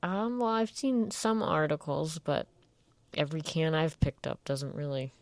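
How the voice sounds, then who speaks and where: A woman with a very low voice chats as a show co-host. She talks loosely and wryly, letting sentences trail off. The recording is dry and close. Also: animated, a little slow, no room sound. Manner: chatty, wry, trails off mid-thought. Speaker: podcast co-host. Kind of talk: casual chat.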